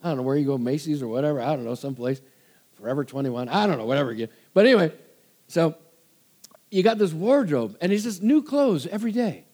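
A man preaching a sermon with a high, bright-toned voice that swoops up and down with great animation. He drives his points home by repeating short commands and calling out for amens from the congregation. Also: expressive, fast. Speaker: pastor.

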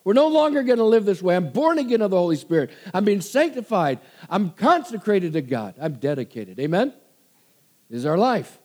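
Animated, high-voiced preacher man. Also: a little fast. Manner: emphatic preaching, repeating commands and asking for amens. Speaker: pastor. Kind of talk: sermon.

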